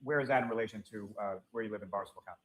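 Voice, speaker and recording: Fast-talking man questioning a witness. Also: on the low side, poor audio. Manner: formal, addresses the witness as sir, with filler uh's. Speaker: trial attorney. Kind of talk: courtroom questioning.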